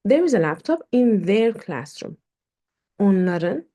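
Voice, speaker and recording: A woman teaching a language lesson in English, explaining slowly with many fillers and repeated words. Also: mid-range voice, very animated, dark tone. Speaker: Turkish teacher.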